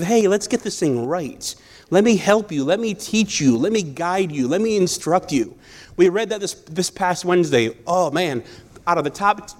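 Man preaching a casual sermon. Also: high voice. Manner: conversational, storytelling, self-correcting. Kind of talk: sermon with personal stories.

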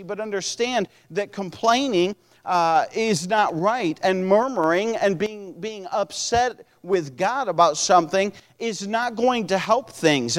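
Pastor guy preaching, pretty high voice, chatty with lots of restarts, big reverb. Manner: conversational preaching with frequent restarts. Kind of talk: sermon.

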